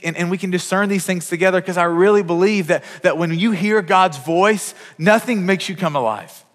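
Pastor, man, 30s, higher voice, earnest sermon with restarts, hall reverb. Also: normal speed, few pauses. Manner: earnest, repeats words as he speaks. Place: church hall.

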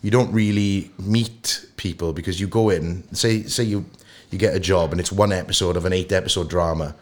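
Deep-voiced Welsh man telling stories. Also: moderate pace. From Wales. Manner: animated storyteller who acts out anecdotes. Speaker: actor guest. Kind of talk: casual podcast interview.

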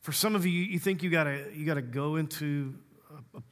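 A man's voice: on the high side, a little fast, fairly bright tone, long reverb tail. A man preaching a sermon as a pastor, conversational and humorous, teasing his congregation.

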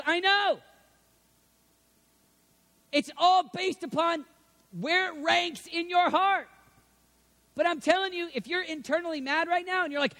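Bright, high-voiced preaching man. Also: normal speed. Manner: dynamic, swings from hushed to shouting. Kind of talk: sermon.

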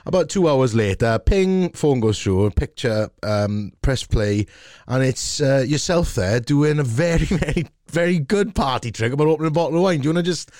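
A man co-hosting a casual chat, easygoing and quick to laugh. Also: mid-range voice, lively intonation, a little mellow, no room sound, studio quality.

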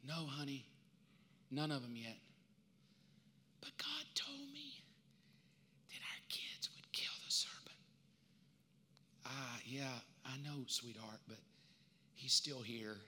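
A man voicing Adam as a weary old husband who answers quietly and soothingly, heard with long hall reverb. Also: medium pitch, steady tone, slow pace, slight background noise, pitched below the performer's own voice.

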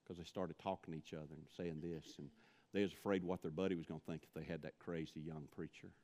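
A deep-voiced preacher from Mississippi, speaking in a long, ringing church hall. He tells his stories plainly and then builds to fervent, pleading passages. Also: steady tone, quick pace, mellow. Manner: storytelling, rising to impassioned pleading. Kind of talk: sermon.

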